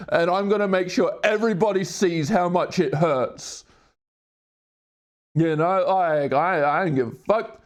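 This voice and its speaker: A young man with a slightly high, very lively voice chats casually with viewers while working on a puzzle. He swears constantly, laughs a lot, and keeps slipping into silly voices. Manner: profane, goofy, laughs often. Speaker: livestreamer. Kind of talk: casual livestream chat while doing a puzzle.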